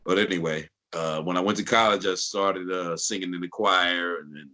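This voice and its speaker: A man in his fifties from St. Louis speaks low, yet his voice has a strikingly bright, cutting edge. He tells stories loosely and with animation, slipping into impressions. His voice sits in a deep bass register. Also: normal speed, low-quality recording. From St. Louis, Missouri. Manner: animated storyteller who breaks into impressions and laughs. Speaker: guest voice actor. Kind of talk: casual interview storytelling.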